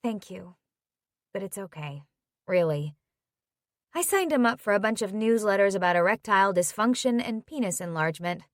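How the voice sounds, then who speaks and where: A woman reading an audiobook, voicing a heartbroken young woman who is soft-spoken and wry. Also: mid-range voice, lively intonation, normal speed, no echo, clean studio sound, natural voice. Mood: glum.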